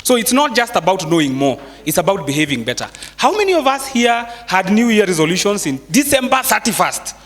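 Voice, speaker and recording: Kenyan man, seminar speaker, slightly high voice, quizzes the crowd, long hall reverb. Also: very animated, brisk, hardly any pauses, a bit bright. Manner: conversational, quizzes the audience, mixes in Swahili phrases. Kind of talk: live motivational finance talk. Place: large hall with a live audience.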